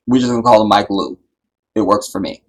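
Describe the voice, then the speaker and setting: A man hosting a live stream, talking in an impassioned, preachy way that builds to loud, emphatic peaks and keeps checking that his listeners follow. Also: on the low side, brisk, low-quality recording. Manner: preachy, builds to loud emphatic peaks, keeps asking "you see what I'm saying". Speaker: livestream host.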